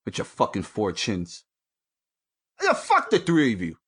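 A man hosting his own show from home, ranting angrily and with heavy profanity, jumping between loud outbursts and low mutters. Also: wildly swooping pitch, a little slow, breathy edge. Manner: angry, profane, swings from shouting to mutters. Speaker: podcast host. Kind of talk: profane solo rant.

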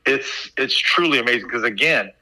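Bright-voiced male basketball coach, chatty. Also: mid-range voice, moderate pace, poor audio. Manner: animated storyteller, many "like" and "right?" fillers. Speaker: basketball assistant coach, guest. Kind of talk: casual storytelling interview.

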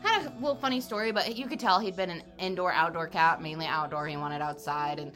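A woman co-hosting a podcast, telling stories in a casual, animated chat and swearing freely. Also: on the low side, fast, faint music behind. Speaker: podcast co-host.

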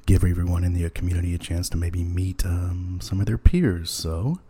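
A man's voice: low-pitched, moderate pace, dark tone, husky. A man hosting a casual podcast, talking in a rambling, hesitant way full of ums and chuckling at his own jokes. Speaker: podcast host.

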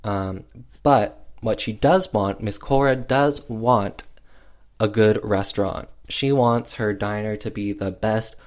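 Sassy guy rambling thru a movie recap, slow, lowish voice, lots of like and um. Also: fairly even intonation. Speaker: film reviewer. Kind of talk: casual film recap.

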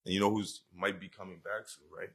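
A man's voice: low voice, level tone, fairly quick, husky. A man co-hosting a casual sports and betting podcast, talking in a laid-back, slangy way and laughing often. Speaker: podcast co-host.

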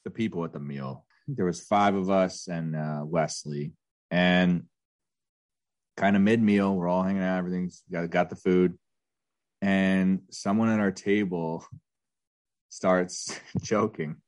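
A man's voice: low-pitched, fairly even intonation, unhurried. A man co-hosting a podcast in casual chat, laughing often and rambling through his stories with restarts. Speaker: podcast co-host.

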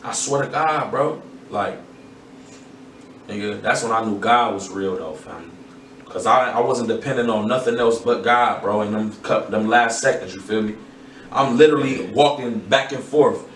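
A man who is a guest battle rapper, telling stories in a casual podcast chat, animated and swearing a lot. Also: lowish voice, normal speed. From Toledo, Ohio. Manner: animated, swears a lot, acts out quoted voices. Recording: echoey room, mic far off, faint noise.

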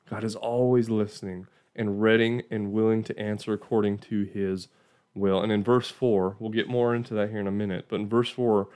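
A man's voice: fairly low pitch, a little mellow. A man giving an informal Bible teaching in a conversational way, often checking in with "right?" and restarting phrases.

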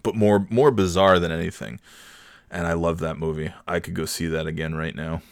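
A man's voice: low voice, flat delivery, brisk, clear, resonant tone, no echo, clean studio sound. A man chatting casually about a movie, rambling and profane, mocking himself as he goes.

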